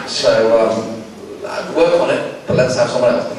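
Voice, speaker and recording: Low-voiced man in an echoey hall. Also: moderate pace, hardly any pauses, darkish tone. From England. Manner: rambling, full of restarts, wry and self-mocking. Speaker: guest actor at a fan convention Q&A. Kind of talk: casual convention Q&A answers. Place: large convention hall. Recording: very echoey hall, distant and noisy.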